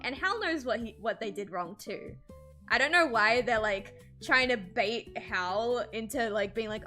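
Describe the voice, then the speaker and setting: A woman artist chatting casually on a livestream while drawing, animated and swearing freely, with frequent laughs. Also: on the high side, moderate pace, faint music behind. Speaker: streamer and artist.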